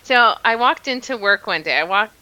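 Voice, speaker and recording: A woman's voice: mid-range voice, animated, moderate pace, pushed and bright, no room sound, lo-fi sound. A woman from Oregon with an American accent, chatting as an interview guest, telling stories and laughing often. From Oregon, United States. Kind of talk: casual conversation.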